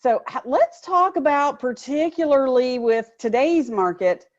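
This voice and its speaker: A woman, a new home sales trainer, chatting in an animated, storytelling way. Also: high voice, measured pace. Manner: chatty, animated storyteller who acts out customers. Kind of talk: conversational sales coaching talk. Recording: slightly dull, muffled audio.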